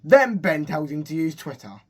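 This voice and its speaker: A man's voice: on the high side, very animated, moderate pace. A man casually recapping a film's plot in a rambling, restart-filled way. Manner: rambling, full of restarts and "he's just like". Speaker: movie reviewer.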